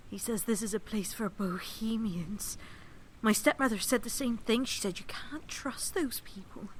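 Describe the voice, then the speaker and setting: An actress playing a young woman who is dreamy and yearning, speaking in a hushed, breathy way in an audio drama. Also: on the high side, slight background noise, close to an everyday voice. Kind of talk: radio play acting.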